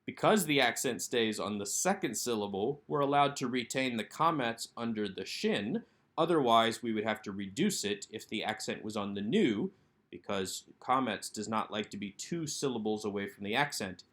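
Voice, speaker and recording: A man narrating a recorded language lesson over slides, sounding out words slowly and carefully. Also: lowish voice, expressive, a bit bright. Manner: slow, careful enunciation of Hebrew words. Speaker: Hebrew teacher.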